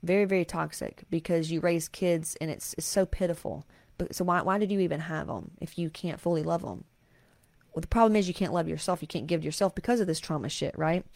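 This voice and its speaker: A woman's voice: lowish voice, fairly quick, creaky, a little mellow, dry recording. A woman, hosting a podcast and telling a raw, emotional personal story with plenty of swearing. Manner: emotional, confessional, frequent swearing. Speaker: podcast host.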